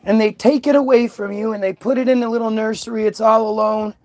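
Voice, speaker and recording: A man's voice: high voice, steady tone, quick pace, a little mellow, no echo. A man talking in a heated, profane, unscripted monologue, stumbling and restarting his sentences as he goes. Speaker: vlogger.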